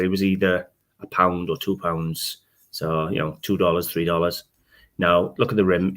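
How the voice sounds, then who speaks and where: Host, male, low-pitched, chatty show-and-tell delivery, laughs easily. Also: fairly bright tone. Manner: chatty, laughs often, admits trouble reading dialect. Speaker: antiques dealer and channel host.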